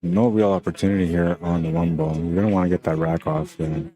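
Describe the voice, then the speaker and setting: This is casual stream commentary on pool from a Canadian man whose voice is deep and mellow with a Spanish accent. He takes each shot in stride, unhurried and conversational, frequently tossing in "like" and "man".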